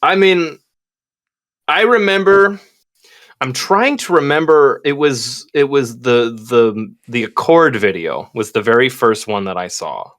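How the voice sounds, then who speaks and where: A man's voice: medium pitch, measured pace, a bit bright. A man in his twenties hosting a podcast over a remote call, giggling and hesitating in casual chat. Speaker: podcast host.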